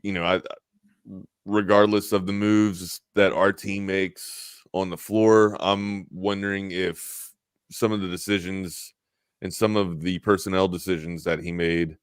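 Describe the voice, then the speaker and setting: A man's voice: low-pitched, little pitch movement, measured pace, clear, resonant tone, no echo, clean studio sound. A man co-hosting a sports talk stream in casual chat, thinking aloud with lots of restarts.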